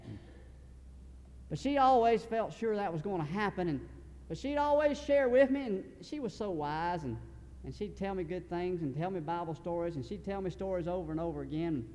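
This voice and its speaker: Give me a man preaching a folksy sermon story in a fairly high voice. He is earnest and often starts his sentences over. There is a long reverb from a big hall and a faint rumble. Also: expressive, a little mellow. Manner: folksy, earnest, halting restarts.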